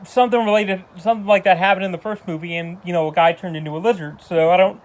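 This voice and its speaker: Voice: mid-range voice, fairly even intonation, fast. A movie reviewer ranting casually, exasperated and rambling with lots of restarts. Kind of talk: casual spoken film review.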